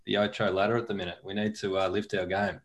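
A man's voice: fairly low pitch, little pitch movement, fast talker. A man co-hosting a podcast in casual chat, joking and laughing between lines. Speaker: podcast co-host.

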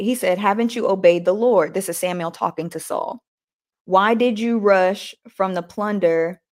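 A woman podcast host reading scripture aloud, stumbling and correcting herself, then retelling the scenes in casual everyday words. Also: mid-range voice. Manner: reads aloud with frequent restarts and self-corrections. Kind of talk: devotional reading with casual commentary.

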